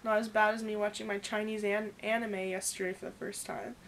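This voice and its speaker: A young woman in her early twenties telling a story in a casual vlog, rambling and animated, acting out the quoted dialogue. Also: medium pitch, fairly quick, slight background noise. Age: young adult. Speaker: vlogger.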